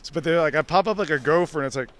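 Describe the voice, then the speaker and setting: A man telling a story in casual, animated talk, swearing freely and acting out what others said. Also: fairly high pitch, racing. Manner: animated, profane, laughs often, acts out others' lines. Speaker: wrestling veteran guest.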